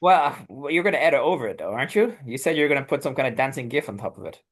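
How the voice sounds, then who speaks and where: A man's voice: medium pitch, expressive, racing. A man co-hosting a casual podcast, playful and bantering as he reads a comic aloud. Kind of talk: casual chat.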